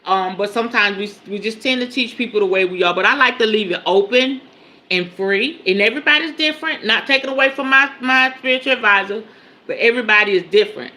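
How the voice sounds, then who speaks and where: A woman leads a spiritual teaching on a livestream in a bright, forward voice. She speaks casually and directly to her audience, often checking in and repeating her points for emphasis. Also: on the high side, fast. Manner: emphatic, repeats key phrases.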